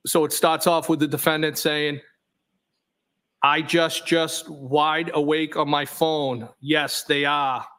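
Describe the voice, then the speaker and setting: A man on a witness stand reads a string of text messages aloud, line by line. His voice sits a touch high for a man, and his delivery stays flat and methodical. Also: takes it slowly, clean tone. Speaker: trial witness.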